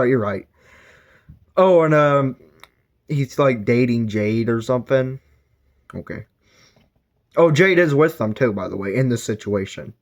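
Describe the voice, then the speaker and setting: A man talks through a book review in a loose, rambling way. He fills gaps with fillers and keeps correcting himself mid-sentence, at an ordinary mid pitch. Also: expressive, a little slow, pauses often, highs cut off.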